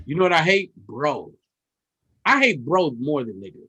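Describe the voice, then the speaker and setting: A man co-hosting a comedy podcast in casual chat, acting out quotes in loud voices. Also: fairly high pitch, big pitch swings, moderate pace, slightly rough, rough recording. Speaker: podcast co-host.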